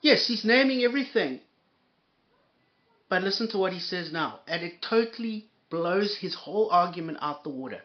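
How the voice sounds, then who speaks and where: A man's voice: sits high, expressive, normal speed, lo-fi sound. A man hosting a reaction commentary, talking in a heated, sarcastic way and swearing freely. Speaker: commentary host.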